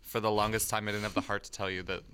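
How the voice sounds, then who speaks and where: Young woman, bright lively voice, teasing and giggly, faint hiss. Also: a bass voice, rapid-fire. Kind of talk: casual chat.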